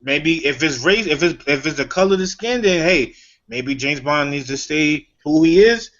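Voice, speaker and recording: A man's voice: on the high side, animated, normal speed, fairly bright tone. Playful slangy man on a podcast. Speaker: podcast co-host. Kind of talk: casual chat. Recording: dull lo-fi podcast audio.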